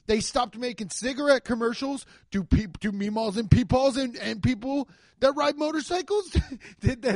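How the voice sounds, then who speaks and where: A man hosting his own podcast from home, ranting in a rambling, profane, animated way. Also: extremely high pitch, no echo, studio quality. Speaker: podcast host. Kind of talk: solo comedic rant. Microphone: desk microphone.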